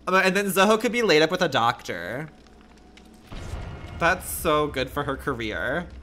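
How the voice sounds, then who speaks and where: A man's voice: a little high, big pitch swings, unhurried, bright, forceful tone, a little hiss or hum. A young man streaming a game live, talking in a campy, sassy, profane way and laughing often. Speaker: gaming streamer. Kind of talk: live gameplay commentary.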